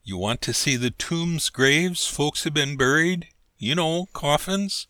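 A man's voice: fairly high pitch, lively intonation, takes it slowly, sharp tone, no echo, studio quality, voice pushed up, heavily acted. A man voicing a pleading, insistent old male churchyard keeper in a storybook reading. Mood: coaxing. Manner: wheedling, insistent.

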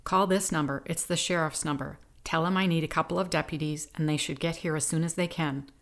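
A woman's voice: low-pitched, steady tone, brisk, fairly bright tone. A woman voicing a determined woman rescuer in an audiobook, speaking firmly and reassuringly. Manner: firm, reassuring.

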